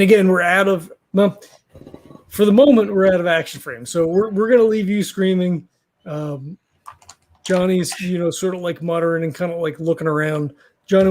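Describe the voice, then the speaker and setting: A man's voice: high-pitched, a little mellow. A man running a tabletop horror game as game master, rambling with many fillers and restarts.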